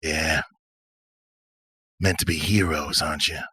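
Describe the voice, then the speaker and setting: A man's voice: rumbling low, fairly even intonation, slow pace, bright, forceful tone, slightly rough, no room sound, studio quality, pitched below the performer's own voice, full character voice. A man voicing an easygoing male mind-reader who loves to jam and talks in a drawling, probing way.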